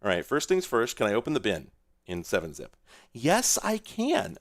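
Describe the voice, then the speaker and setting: A man's voice: fairly low pitch, big pitch swings, brisk. Man rambling through a live stream. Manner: rambling, sarcastic, swears and laughs at his own troubles. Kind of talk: casual livestream commentary.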